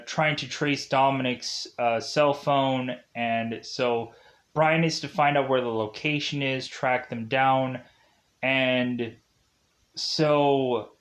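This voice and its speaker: Rambling young man recapping a movie. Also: a little high. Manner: rambling, heavy use of "like" and "uh".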